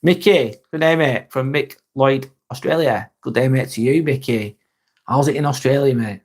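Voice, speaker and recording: A man's voice: mid-range voice, moderate pace. An English man hosting a casual live-stream chat, joking, teasing himself and swearing freely. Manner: sweary, joking and self-mocking.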